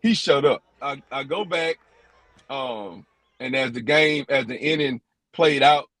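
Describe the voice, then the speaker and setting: A man's voice: medium pitch, measured pace, a bit bright, no room sound. A man, an umpire, recounting a tense game in a podcast interview, quoting exchanges word for word.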